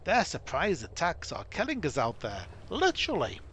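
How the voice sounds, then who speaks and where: A man voicing a troubled male dwarf commander in a rough put-on accent, urgent and blunt. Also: a little high, wildly swooping pitch, moderate pace, fairly bright tone, slight background noise, voice pushed up, heavily acted.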